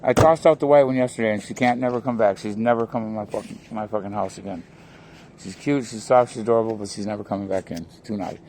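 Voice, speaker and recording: Gravelly man ranting profanely. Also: on the low side, fast talker, a little mellow, slight background noise. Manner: rambling, profane, jumps between topics. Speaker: vlogger. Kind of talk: casual rant to camera. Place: at his home.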